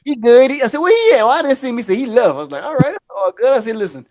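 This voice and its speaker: Animated man telling stories. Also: very high-pitched, very fast, a crowd in the background. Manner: animated, acts out quotes, laughs often. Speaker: podcast co-host. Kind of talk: casual storytelling.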